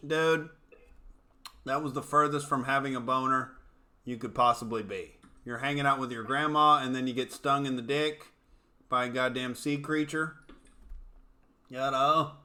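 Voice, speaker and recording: A male comedian hosts a live commentary show, riffing and swearing freely as he reads out viewer comments. His voice is bright and forceful. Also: mid-range voice, fairly even intonation, normal speed. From United States. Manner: brash, profane, joking. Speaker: comedian host. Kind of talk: casual commentary show chat.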